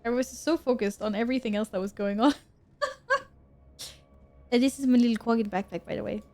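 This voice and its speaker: A woman's voice: on the high side, steady tone, a little fast, mellow. A woman streamer chatting casually and giggling with her chat as she plays. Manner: bubbly, giggly, talks to chat. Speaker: game streamer.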